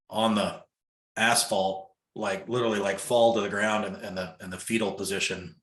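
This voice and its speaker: A man spins a personal story in a relaxed fireside chat, full of fillers and little acted-out quotes. His voice sits on the low side but comes across bright and forceful. The room around him gives it a noticeable echo. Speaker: guest telling a personal story. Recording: echoey room.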